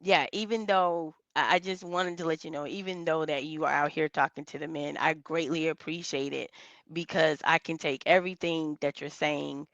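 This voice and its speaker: A woman's voice: deep voice, steady tone, moderate pace, a bit bright, dry recording, muffled recording. A woman calling in to a talk stream, earnest and rambling, restarting her sentences often. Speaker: caller. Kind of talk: casual call-in chat.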